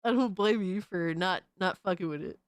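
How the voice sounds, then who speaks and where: A young woman streamer giving excitable, profane live reaction commentary, full of hype shouts and swearing. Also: lowish voice, moderate pace, dry recording, studio quality. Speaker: streamer host.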